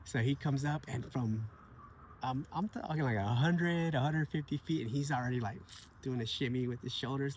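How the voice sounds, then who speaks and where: A man's voice: medium pitch, normal speed. Man, mid-range voice, heartfelt casual storyteller, faint hum behind. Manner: earnest, animated, repeats phrases and laughs often. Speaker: vlogger sharing personal stories.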